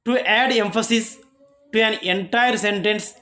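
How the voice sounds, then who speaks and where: A college lecturer with an Indian English accent giving a grammar lesson, halting often and restarting sentences as they explain each example. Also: mid-range voice, pushed and bright.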